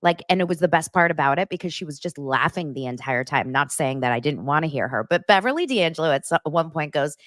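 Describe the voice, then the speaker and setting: A chatty woman hosts a casual pop-culture podcast, her voice sitting low. She gossips freely and laughs along as she talks. The sound is close and dry. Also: lively intonation, quick pace, few pauses, no room sound. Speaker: podcast host.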